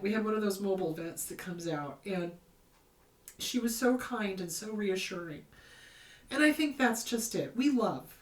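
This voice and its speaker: A woman therapist hosting a show, giving casual advice in a blunt, emphatic way and repeating her key points. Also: fairly high pitch. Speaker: therapist host answering viewer questions. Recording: roomy echo, mic at a distance.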